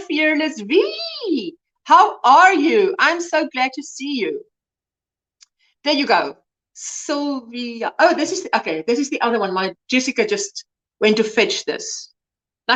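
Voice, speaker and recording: A woman's voice: sits high, fairly bright tone. A woman hosting a casual livestream, chatting and greeting viewers by name with frequent exclamations. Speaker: livestream host. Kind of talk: casual chat reading comments.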